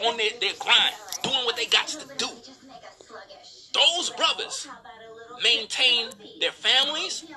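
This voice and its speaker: A man's voice: extremely high pitch, pushed and bright. A man preaching a profane, emphatic livestream sermon to women, scolding and mocking them. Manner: preachy, profane, emphatic, mocks others in quoted voices.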